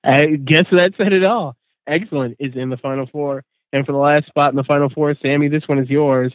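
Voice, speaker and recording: Joking host on a tinny line. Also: male voice, on the high side, fairly even intonation, a little fast, dry recording. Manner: moderating votes, joking. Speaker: podcast host. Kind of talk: casual panel chat. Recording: tinny phone-like sound.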